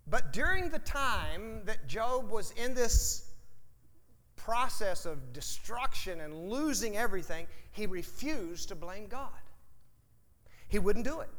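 A man's voice: high voice, lively intonation, a little slow, fairly bright tone. A man preaching a sermon as pastor, folksy and emphatic, with jokes for the congregation. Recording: reverberant hall.

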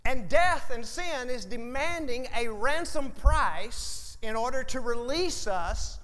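A man's voice: extremely high pitch, animated, takes it slowly, sharp tone. A man preaching a sermon as pastor, folksy and emphatic, with jokes for the congregation. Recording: reverberant hall.

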